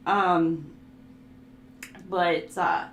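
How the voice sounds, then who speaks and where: A woman's voice: on the low side, steady tone, extremely slow, a little hiss or hum. A woman tarot reader in casual chat, laughing often and telling stories with animation. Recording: echoey room.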